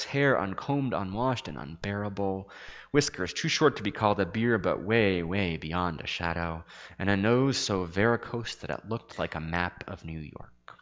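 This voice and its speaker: Guy with a lowish voice reading a story out loud, dramatic, muffled and reverby. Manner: expressive, dramatic readings with soft hushed asides. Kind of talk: reading a first-person story aloud.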